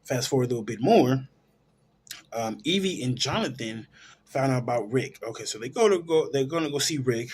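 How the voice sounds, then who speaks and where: A man's voice: medium pitch, animated, normal speed, a little mellow, breathy edge. A man hosting a film show, casually retelling a movie's plot in a rambling way, full of fillers and restarts. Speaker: film review host.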